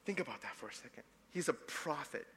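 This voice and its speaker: A young adult man, a pastor preaching a sermon, swinging between loud emphatic passages and soft hushed ones. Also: on the high side, animated, fairly quick, in a large hall, a little hiss or hum.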